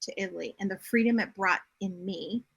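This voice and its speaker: Bright-voiced, animated middle-aged woman. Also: medium pitch, a little fast, creaky, breathy edge. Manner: direct, animated storytelling. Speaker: podcast guest, bodymind coach and writer. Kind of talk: casual interview chat.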